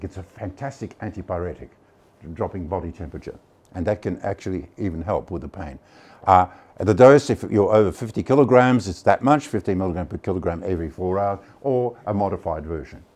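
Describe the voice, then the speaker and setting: Older man, deep low voice, conference lecturer, digressive, hesitant. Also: a little fast, a little mellow. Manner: chatty and digressive, many hesitations. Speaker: pharmacology lecturer.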